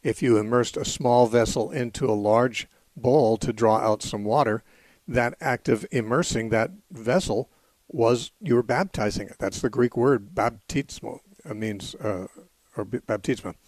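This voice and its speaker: A man teaching the Bible as host of a call-in radio show. He explains in a measured, patient way and stops to correct his own wording. The sound is dry and close, with no room around it. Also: mid-range voice, a little mellow, dry recording.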